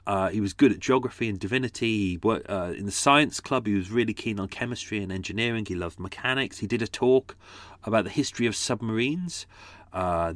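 A man with a lowish voice rambles through behind-the-scenes notes, often restarting and correcting himself. The sound is close and dry, with no room around it. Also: no echo. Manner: rambling, self-correcting, chatty. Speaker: podcast creator. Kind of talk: casual behind-the-scenes commentary.

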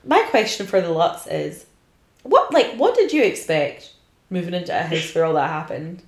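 A woman's voice: fairly low pitch, very animated, normal speed, roomy sound. A woman hosting a podcast, chatting casually and bluntly. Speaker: podcast host. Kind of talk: casual chat.

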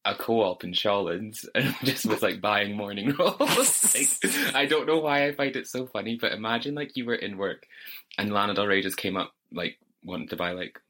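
A young man co-hosting a podcast, chatting in a gushing, animated way and laughing high. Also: normal speed. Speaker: podcast co-host. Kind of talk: casual chat.

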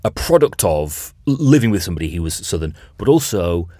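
A man in his thirties from Bolton with a softened Bolton accent, a podcast host chatting reflectively, often restarting his sentences. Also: deep voice, very animated, fairly quick, no echo, studio quality. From Bolton, Greater Manchester. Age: 30s. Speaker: podcast host and radio presenter. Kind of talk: casual chat.

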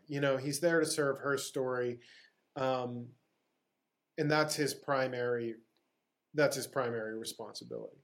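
A man's voice: medium pitch, flat delivery, a little slow. A middle-aged man from Pittsburgh, a guest actor on a podcast, telling anecdotes in a casual style, acting out dialogue and laughing often. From Pittsburgh, USA. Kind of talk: casual storytelling interview.

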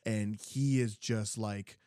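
Low, mellow-voiced Midwestern man telling a story. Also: slow, smooth, dry recording, clean studio sound. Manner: animated, acts out customers in quoted voices. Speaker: podcast co-host; garden center worker. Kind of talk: casual storytelling chat.

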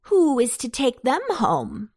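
A woman voicing a brisk, bossy witch who scolds and gives orders in a storybook reading. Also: high-pitched, sing-song, a little mellow, breathy edge, dry recording, studio quality, voice pushed up, exaggerated voice. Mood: scolding.

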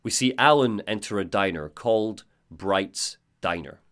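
A man's voice: fairly low pitch, measured pace, fairly bright tone. A man hosting a casual podcast, recapping video game lore and reading out quotes in different voices. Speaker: podcast host.

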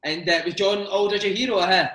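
A man interviewing a former footballer, chatty and bantering with quick follow-up questions. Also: high-pitched, steady tone, a bit bright, roomy sound, poor audio. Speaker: podcast interviewer. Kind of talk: casual interview chat.

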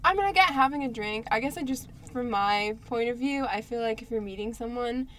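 A woman's voice: fairly high pitch, fairly quick, a bit bright, slight background noise. A woman co-hosting a podcast, chiming in with questions and laughs in casual chat. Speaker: podcast co-host.

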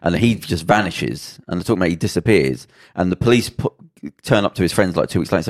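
A man with a low voice rattles through a story at speed, casual and profane. He slips into the characters' lines as he goes, on a relaxed podcast chat. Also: brisk. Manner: animated storyteller acting out characters' lines, swearing freely. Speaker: podcast co-host. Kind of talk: casual chat, retelling a drama plot.

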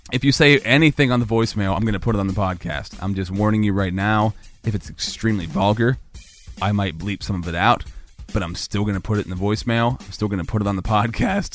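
A man hosting a solo comedic podcast, rambling goofily and jumping into high-pitched mock panic. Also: brisk, fairly bright tone, faint music behind. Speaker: podcast host.

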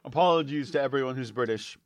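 A man's voice: mid-range voice, fast talker. A man co-hosting a comedy podcast, trading joking, self-deprecating banter while drinking beer. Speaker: podcast co-host. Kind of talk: casual comedic chat.

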